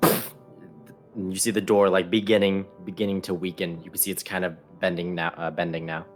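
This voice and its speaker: Low-voiced man game master. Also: level tone, moderate pace, faint music behind. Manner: hesitant, many ums and restarts, laughs easily. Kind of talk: narrating a tabletop game.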